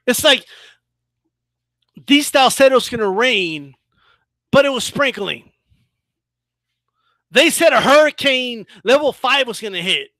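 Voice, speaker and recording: A man hosting his own boxing channel, giving casual, animated commentary with a mocking edge and frequent restarts. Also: very high voice, dry recording.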